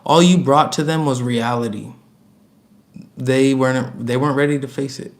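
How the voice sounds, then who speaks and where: A man's voice: mid-range voice, fairly even intonation, moderate pace. A man giving a casual, chatty tarot reading to camera, emphatic and prone to repeating himself, with laughs between points. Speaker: tarot reader.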